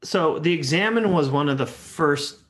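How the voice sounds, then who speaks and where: Male co-host, mid pitch, reflective and meandering. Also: lively intonation, normal speed, fairly bright tone. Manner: thoughtful, rambling with fillers. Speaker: podcast co-host. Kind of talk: casual podcast conversation.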